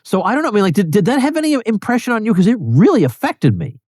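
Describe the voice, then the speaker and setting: Mellow-voiced male podcast host. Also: high voice, huge pitch swings, fast, no room sound, clean studio sound. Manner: earnest, with frequent restarts. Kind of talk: casual interview conversation.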